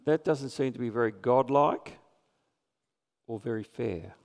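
A man's voice: medium pitch, a little slow, a little mellow. A man preaching a sermon in a church, earnest and conversational, putting questions to his congregation. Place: church sanctuary. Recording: live church stream with long reverb.

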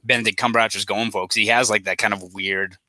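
A man chats loosely on a podcast, his voice very bright and forward. He speaks a little low, with a dry, close sound and no room around him. He rambles, circles back and fills gaps with "like" and short laughs. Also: fairly even intonation, fast talker, no room sound, rough recording. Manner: rambling, filler-heavy, laughs while talking. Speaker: podcast co-host. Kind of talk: casual chat.

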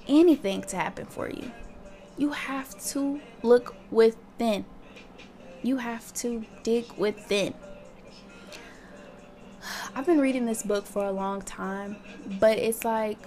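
A woman's voice: fairly high pitch, warm tone. A young woman hosting her own podcast, talking candidly in a casual monologue and swearing freely. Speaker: podcast host.

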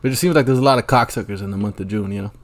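A man's voice: fairly low pitch, very fast. A man hosting a solo podcast, rambling through a profane, crude rant with lots of ums and asides. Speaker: podcast host.

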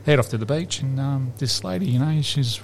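A man's voice: medium pitch, brisk, a little hiss or hum. A man, a podcast host telling a long rambling joke in casual chat. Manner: rambling, lively, laughs at his own joke.

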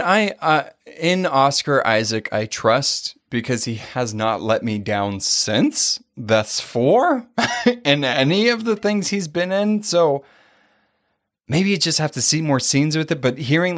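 A man co-hosting a podcast in casual chat, animated, often laughing, his pitch jumping high when excited. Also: a little slow. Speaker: podcast co-host.

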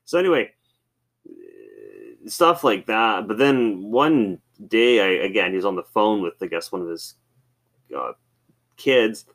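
A man with a low voice tells casual work stories as a podcast host. His pitch swings widely, and his talk rambles with lots of fillers. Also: expressive, measured pace, pauses often, a bit bright. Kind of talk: casual storytelling.

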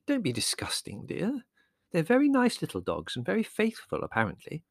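A man voicing a fond middle-aged mother in an audiobook, gentle and mildly chiding. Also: sits high, wildly swooping pitch, moderate pace, dry recording, studio quality, pitched above the performer's own voice, heavily acted. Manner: gentle, chiding, slightly fluttery.

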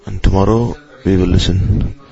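A man preaching a devotional sermon in a measured way, using many Sanskrit and Hindi terms. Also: deep voice, fairly even intonation, vocal fry, warm tone. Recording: slightly dull lo-fi recording.

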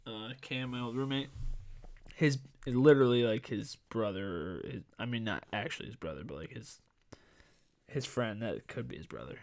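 A man in his twenties hosting a sports podcast in casual chat, rambling with lots of fillers and restarts, his voice going a bit hoarse. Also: mid-range voice, moderate pace. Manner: rambling, filler-heavy, self-correcting. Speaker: podcast host.

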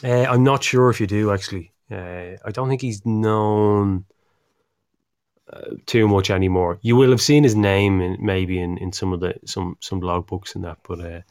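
A lowish Irish male voice in relaxed podcast chat, wandering through anecdotes with fillers and casual swearing. The sound is close and dry with no room at all. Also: normal speed, no echo. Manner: rambling storyteller, swears freely, many fillers. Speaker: podcast co-host.

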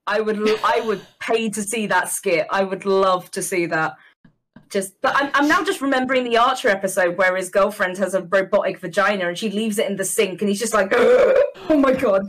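A woman's voice: mid-range voice, brisk, fairly bright tone. Chatty, rambling woman on a podcast. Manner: chatty, rambling, lots of fillers. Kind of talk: casual podcast chat.

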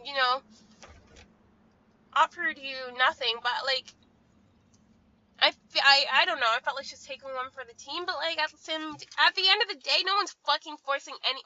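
Young woman vlogger, profane venting rant, sharp bright tone, muffled recording. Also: sits high. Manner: profane, ranting, frequent "like". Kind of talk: casual venting monologue.

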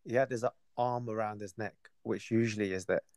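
Low-voiced guy hosting, recapping stuff for listeners, dry sound. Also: steady tone, a little fast, darkish tone, dry recording. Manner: asks questions and recaps for listeners. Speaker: podcast host. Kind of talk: casual podcast chat.

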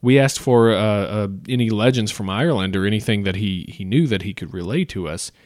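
A man's voice: on the low side, brisk, darkish tone, slight background noise. A man co-hosting a podcast, chatting casually and loosely, trading puns and jokes. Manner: joking, loose, pun-telling. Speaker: podcast co-host.

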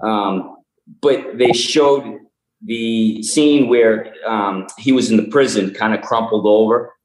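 A man with a Boston accent, a film set artist talking as a guest in a casual interview, halting and joking with many ums and restarts. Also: on the low side, darkish tone. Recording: roomy echo.

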